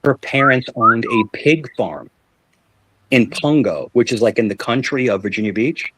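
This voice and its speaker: A man's voice: mid-range voice, lively intonation, moderate pace, a bit bright, husky, no echo. A man, hosting a live panel chat and rambling through stories with lots of fillers and restarts. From New York. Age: 40s. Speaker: show host.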